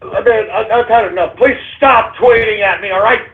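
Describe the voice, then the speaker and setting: A male radio show host with a hoarse voice, ranting in exasperation with shouted outbursts, curses and apologies. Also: high voice, moderate pace, hardly any pauses. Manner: curses, then apologizes for cursing. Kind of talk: ranting call-in radio monologue. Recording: tinny phone-like lo-fi audio.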